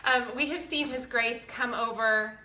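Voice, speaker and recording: A woman's voice: a little high, measured pace, sharp tone, roomy sound. A woman, talking earnestly and chattily to her viewers, close to tears, with a faith-filled manner. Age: 40s. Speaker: vlogger. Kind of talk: casual heartfelt talk to viewers.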